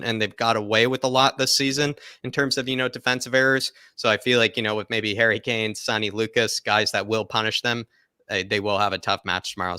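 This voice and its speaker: A man hosts a football live stream, reading out viewer comments and chatting through his match hopes. His voice sits fairly low but sounds bright and forceful. It's recorded close and dry, with little room sound. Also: smooth, no room sound. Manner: chatty, rambling with fillers and laughs. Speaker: football channel host.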